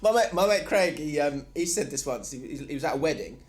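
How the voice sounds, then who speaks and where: A man with a Cockney accent co-hosting a football podcast, chatting and telling stories with quick asides. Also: on the high side, expressive. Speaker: podcast co-host. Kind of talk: casual chat.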